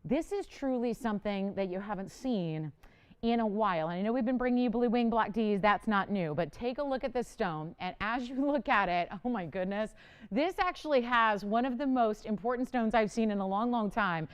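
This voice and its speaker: A middle-aged woman hosts a live jewelry sales show with a smooth, clear voice. She talks in a chatty, enthusiastic way and leans hard on her selling points. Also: medium pitch, lively intonation, normal speed. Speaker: jewelry shopping host. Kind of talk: live home-shopping sales pitch.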